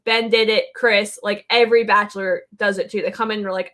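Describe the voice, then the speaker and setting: A woman's voice: mid-range voice, steady tone, normal speed, hardly any pauses, fairly bright tone. A woman co-hosting a podcast in casual chat, talkative, laughing often and filling her talk with "like" and "um". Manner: chatty, laughs often, many "like"s and "um"s. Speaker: podcast co-host.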